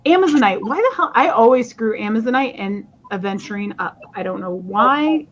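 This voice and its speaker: A woman's voice: fairly high pitch, animated, moderate pace, dull audio, slight background noise. A woman hosting a live stream auction of stones, chatting casually and laughing often. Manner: chatty, laughs often, jokes about accents.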